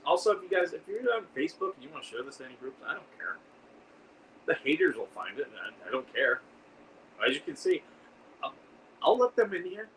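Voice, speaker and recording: A man's voice: a little high, a bit bright. A man hosting a casual livestream, rambling and answering viewer comments as he reads them out. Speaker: livestream host. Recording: distant mic with faint background noise.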